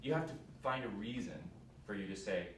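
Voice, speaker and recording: A man coaching a singer in a master class, animated and laughing as he acts out lines. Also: on the low side, a little fast. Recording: echoey hall, distant mic, background noise.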